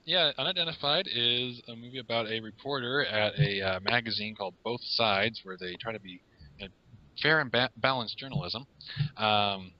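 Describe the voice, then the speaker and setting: A man guesting on a podcast as a film reviewer, explaining plots in a measured, hesitant way. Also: mid-range voice. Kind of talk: podcast interview. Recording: lo-fi audio.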